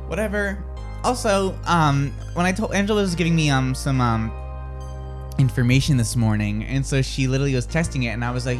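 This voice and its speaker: A man co-hosting a morning radio show in casual chat, telling stories in an animated way and acting out quotes and sound effects. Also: a little high, brisk, faint music behind. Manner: chatty with many fillers.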